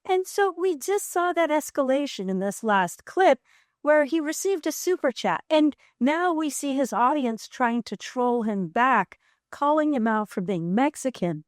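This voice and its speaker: A woman with a high voice hosts the show, walking the viewer through clips in measured, explanatory commentary. Her voice sounds dry and close, with no room around it. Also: expressive, no echo. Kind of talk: analytical commentary between clips.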